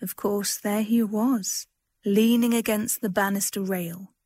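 A woman reads a story aloud in a gentle, expressive way. Her voice sits at a middle pitch. The recording is dry and close, with no room sound. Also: measured pace, no room sound. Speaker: reader. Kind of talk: audiobook narration.

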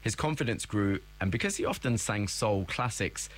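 A man's voice: fairly low pitch, lively intonation, moderate pace, faint music behind. A male presenter giving scripted narration and asking a guest questions.

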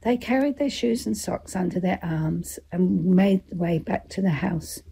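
A woman reading a children's story aloud in a gentle, lively way, giving the characters their own voices. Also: lowish voice, unhurried, creaky, breathy edge.

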